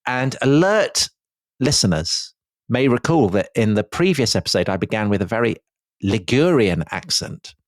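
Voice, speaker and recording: A man co-hosting a casual history podcast, lively, with stumbling restarts. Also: on the low side, moderate pace, no echo, clean studio sound. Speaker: podcast co-host.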